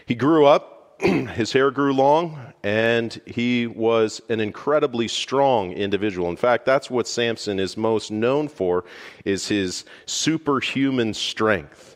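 A man preaching a sermon, retelling a story dramatically, dropping quiet and then swelling loud. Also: sits low. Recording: long hall reverb.

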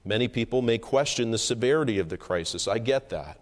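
A man preaching a sermon from the pulpit, earnest and measured, with emphatic rises on key points. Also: mid-range voice, lively intonation. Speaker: pastor. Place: church sanctuary. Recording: long hall reverb.

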